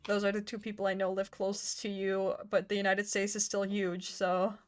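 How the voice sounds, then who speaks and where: A woman running a tabletop game on a live stream, who laughs often and rambles. Her pitch sits in the middle of the range. She talks in a loose, self-mocking way between bits of narration. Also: completely flat delivery, normal speed, a little hiss or hum. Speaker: dungeon master and stream host.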